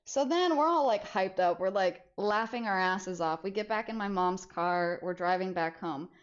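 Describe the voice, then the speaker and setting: A young adult woman streamer telling a story in casual chat, animated and often laughing as she goes. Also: medium pitch, normal speed, highs cut off. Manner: animated, laughs through the story, frequent restarts.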